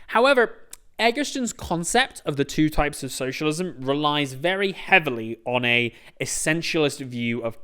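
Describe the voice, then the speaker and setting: A man's voice: mid-range voice, bright, forceful tone, clear, resonant tone. A young man hosting a comedic video essay, sarcastic and sweary, breaking into rants.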